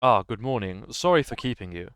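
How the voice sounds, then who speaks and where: A man's voice: on the low side, animated, a bit bright, smooth, no echo, clean studio sound. Man playing a posh, stoic British chief judge. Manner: stiff, formal and measured.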